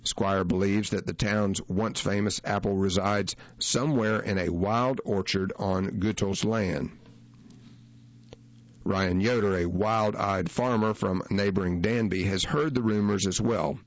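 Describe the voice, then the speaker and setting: Low-voiced man reading a story. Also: fairly even intonation, a little slow, no echo, muffled recording. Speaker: narrator. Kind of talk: first-person reading of a magazine feature.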